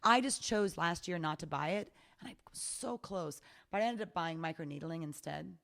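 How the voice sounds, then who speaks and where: A middle-aged woman, an esthetician, chatting on a podcast and telling animated stories with acted-out voices. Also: on the low side, normal speed, creaky. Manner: chatty, animated storyteller who acts out voices. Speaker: guest esthetician. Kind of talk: casual podcast chat.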